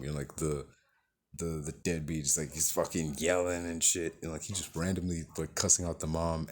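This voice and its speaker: A man's voice: low-pitched, a little mellow, slight background noise. A man giving a rambling, profane spoken movie review and acting out characters' lines as he goes.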